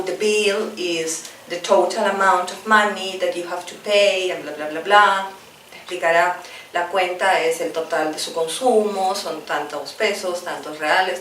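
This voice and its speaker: A woman whose first language is Spanish runs a bilingual English lesson, stretching each practice phrase out slowly before hurrying through the explanations. She sits a bit back from the mic, so the room rings around her voice. Faint background noise runs underneath. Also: on the low side, fairly bright tone, reverberant, far from the mic, poor audio. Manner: slow, over-articulated drill repetitions, quicker Spanish explanations. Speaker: English teacher.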